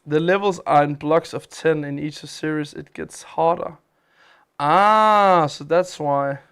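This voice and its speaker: A man's voice: on the high side, slow, a bit bright, smooth. A man hosting a game live stream, chatting casually as he plays, with a chatty, rambling manner. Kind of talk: casual live-stream chat while playing games.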